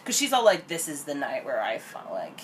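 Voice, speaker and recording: A woman's voice: low-pitched, wildly swooping pitch, fairly quick, slight background noise, low-quality recording. A young woman chatting casually about a reality show, laughing, swearing and acting out quotes. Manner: chatty, laughing, swearing, quoting people in voices. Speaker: podcast co-host.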